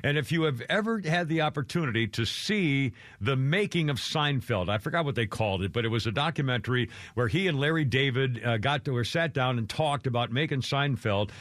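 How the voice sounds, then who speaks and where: A man's voice: expressive, fairly quick, hardly any pauses, a bit bright, no room sound. Rambling male radio host, dry studio sound. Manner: meandering, acts out quotes with big pitch jumps. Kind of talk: rambling casual chat.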